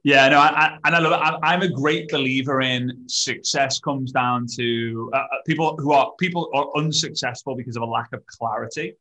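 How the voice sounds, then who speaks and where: A man's voice: mid-range voice, steady tone, normal speed, hardly any pauses, bright, forceful tone, low-quality recording. A man hosting a podcast, chatting eagerly with a guest and often restarting his sentences. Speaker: podcast host. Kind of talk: casual interview chat.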